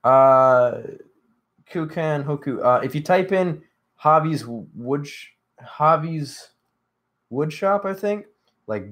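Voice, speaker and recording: A man's voice: a little high, animated, takes it slowly, fairly bright tone. A sleepy young man hosting a casual live stream, rambling with lots of fillers and answering chat. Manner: rambling, filler-heavy, reads chat aloud. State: sleepy, yawning. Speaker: livestream host.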